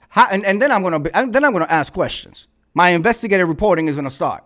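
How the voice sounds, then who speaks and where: A man's voice: sits high, animated, racing, fairly bright tone. A man hosting his own vlog, delivering a fiery, profane rant and repeating phrases for emphasis into a red microphone. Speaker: vlog host. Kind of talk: ranting commentary.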